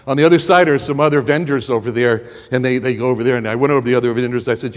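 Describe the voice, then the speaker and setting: A man's voice: medium pitch, fairly even intonation, rapid-fire, long reverb tail. A man preaching a sermon and telling a personal story, rambling and stumbling over the first words of his sentences. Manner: rambling, repeats words when starting sentences.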